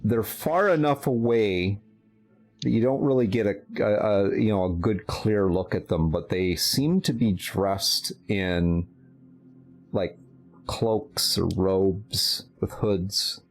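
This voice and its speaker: A man narrating a tabletop role-playing game as game master, in a slow, measured way with small hesitations. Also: fairly low pitch.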